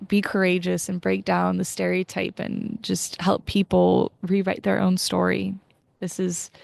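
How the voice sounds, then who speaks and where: Young female podcast host, chatty and heartfelt, gravelly edge, dry sound. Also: lowish voice, darkish tone, no room sound. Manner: emotional, chatty, many fillers. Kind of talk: casual interview chat.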